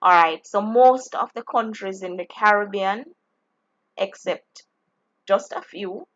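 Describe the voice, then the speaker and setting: Woman teacher, slow deliberate delivery, bright tone, dull lo-fi audio. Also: medium pitch. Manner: slow, deliberate explaining with frequent restarts. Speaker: geography teacher. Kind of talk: exam-prep lesson.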